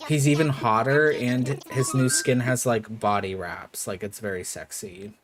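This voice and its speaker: A man's voice: medium pitch, expressive, a little slow. A man streaming a game, chatting casually and rambling with lots of filler words. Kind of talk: casual live-stream chat while gaming. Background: background game music.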